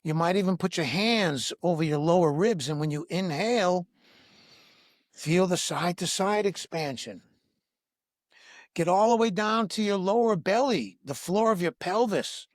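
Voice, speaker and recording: A man's voice: sits high, no room sound. Man, breathwork teacher, guided meditation, soothing instructive tone, dry sound. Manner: slow, soothing instructive guidance with repeated questions. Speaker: breathwork teacher, podcast guest.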